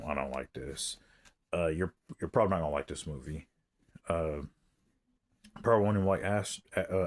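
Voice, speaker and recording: A man giving a casual, rambling film review, hesitant and full of fillers and restarts. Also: low-pitched. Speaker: movie reviewer.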